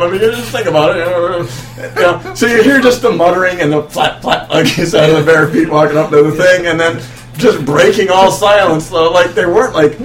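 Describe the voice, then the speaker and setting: A man's voice: high-pitched, a little fast, faint music behind. Easygoing man, echoey far-off sound. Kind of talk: casual chat.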